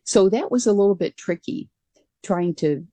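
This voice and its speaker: Mellow, earnest woman recounting pilot days. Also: mid-range voice, lively intonation, normal speed, dry recording. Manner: earnest, reflective storyteller. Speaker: guest, former military pilot. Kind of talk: radio interview storytelling.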